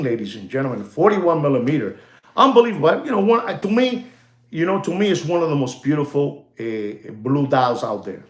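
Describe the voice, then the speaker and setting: Chatty man hyping watches in a roomy space. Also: mid-range voice. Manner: chatty, repeats phrases, many "you know"s, slips into Spanish slang; hypes and jokes with the audience, calls them "ladies and gentlemen". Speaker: watch dealer and market commentator. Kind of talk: casual rambling market talk to camera. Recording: roomy echo.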